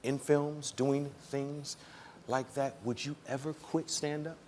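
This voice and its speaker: A man's voice: medium pitch, fairly even intonation, slow, darkish tone. A man hosting a talk show, introducing a guest with enthusiasm and asking him questions.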